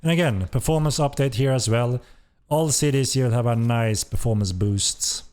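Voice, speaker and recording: A man's voice: medium pitch, normal speed, darkish tone. A man hosting a game developer stream, giving enthusiastic live commentary as he plays and repeating his praise. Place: at a computer playing the game.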